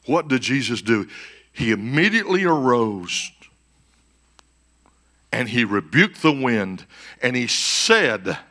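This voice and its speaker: A man preaching a conference sermon as pastor, swinging between shouted peaks and hushed, quiet passages. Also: mid-range voice, very animated, slow, pauses often. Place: church conference stage.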